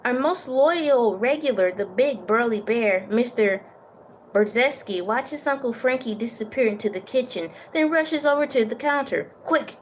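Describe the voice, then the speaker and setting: A woman's voice: on the high side, slight background noise. A woman reading a children's novel aloud, stopping for casual remarks and stumbling over a few words. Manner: stumbles over words, laughs at her own slips; casual asides between read passages. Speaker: book reader.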